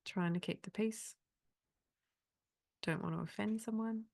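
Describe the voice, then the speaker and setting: A woman's voice: medium pitch, fairly even intonation, a little slow, creaky, pauses often, darkish tone. A woman, leading an online coaching workshop in a candid, chatty way with frequent laughs. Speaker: trauma coach. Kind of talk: live online workshop talk.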